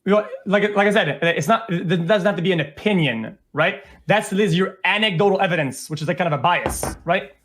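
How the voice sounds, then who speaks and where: A man on a livestream debate panel, arguing casually with halting restarts. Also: high voice, a bit bright.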